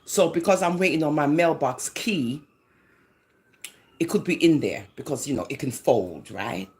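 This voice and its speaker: A Jamaican woman ranting in a vlog, her lowish voice swooping up and down as she mocks and scolds. She sounds sarcastic and animated, leaning into her patois. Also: moderate pace. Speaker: social media commentator.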